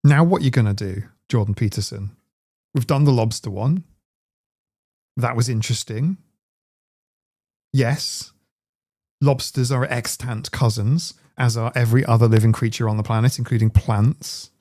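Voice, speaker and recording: A man's voice: mid-range voice, moderate pace, long pauses, warm tone. A man hosting a live stream, chatting casually in a rambling, digressive way. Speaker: streamer host.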